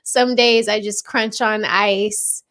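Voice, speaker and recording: A woman's voice: medium pitch, steady tone, slow, fairly bright tone. A young adult woman co-hosting a casual podcast chat, laughing often as she talks. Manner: giggly, laughs often between remarks. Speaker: podcast co-host.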